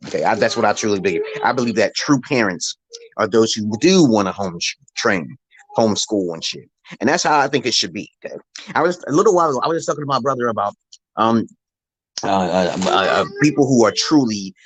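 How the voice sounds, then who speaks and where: A man's voice: fairly low pitch, dry recording. A middle-aged man hosting a live stream from his phone, rambling in a profane, opinionated monologue. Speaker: livestream host.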